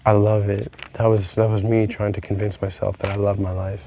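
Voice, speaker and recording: Young man, slightly deep voice, casual vlog confession, rambling, blunt, cursing. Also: little pitch movement, fairly quick, dark tone, slight background noise. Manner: candid, rambling, swears freely. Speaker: vlogger.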